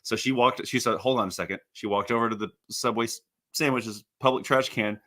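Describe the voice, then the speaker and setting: A man's voice: medium pitch, fairly quick. Chuckling man recounting a story. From United States. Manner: relaxed, chuckling anecdote telling. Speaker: co-host, musician. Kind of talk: casual storytelling on a livestream.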